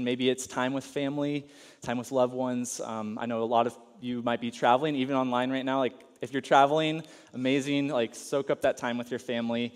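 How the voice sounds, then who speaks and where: A man in his thirties preaches in a loose, conversational way, full of "um" and "like," sharing an excited family story. His mid-range voice rings with a long reverb tail from a big hall. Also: medium pitch. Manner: casual, enthusiastic, many fillers and "like". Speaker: pastor. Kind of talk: sermon with a personal story.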